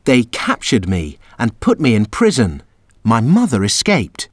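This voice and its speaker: A man's voice: medium pitch, huge pitch swings, a little slow, no echo, clean studio sound. A man voicing a sad young boy king held prisoner, telling his story earnestly in a children's storybook.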